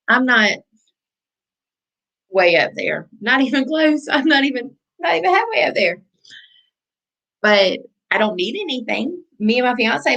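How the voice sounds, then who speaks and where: A woman's voice: fairly high pitch, vocal fry, fairly bright tone, poor audio. A woman life coach giving a motivational talk, speaking conversationally and repeating phrases for emphasis.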